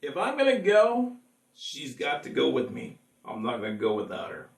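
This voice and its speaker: A man's voice: on the high side, huge pitch swings, normal speed, creaky. A man, a singer-songwriter, chatting casually with viewers between songs, rambling and laughing often. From California. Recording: echoey room, mic at a distance.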